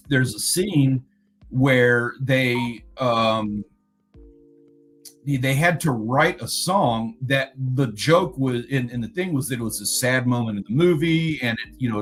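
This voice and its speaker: A man's voice: medium pitch, a bit bright, poor audio. A man casually recapping a talk to his viewers, rambling and often stopping to search for the right word. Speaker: video creator recapping a conference.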